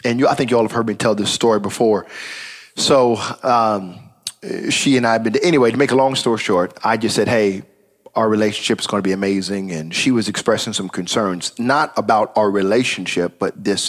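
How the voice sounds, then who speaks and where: A man, a pastor, telling a personal story in a relaxed sermon, with casual asides and frequent "praise God.". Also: fairly low pitch, moderate pace. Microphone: live stream.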